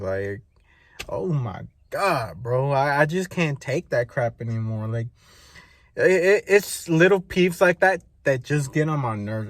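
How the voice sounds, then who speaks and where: A man's voice: mid-range voice, dry recording. Young man ranting casually outdoors. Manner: animated, slangy rant. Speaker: vlogger. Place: outdoors by his truck.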